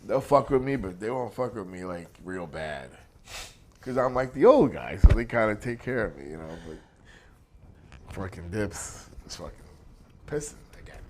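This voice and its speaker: Deep-voiced, swearing, laughing middle-aged man. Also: sing-song, a little slow, slight background noise. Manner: profane, laughs through his own stories. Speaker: interview guest, pro wrestler. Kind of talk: casual storytelling anecdote.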